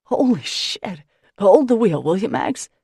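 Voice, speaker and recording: A woman's voice: medium pitch, measured pace, gravelly, breathy edge, no room sound, studio quality, heavily acted. A woman reading an audiobook, voicing an impulsive, lovestruck man of twenty-six who blurts things out earnestly. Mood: elated. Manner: earnest and blurting, shouts when excited.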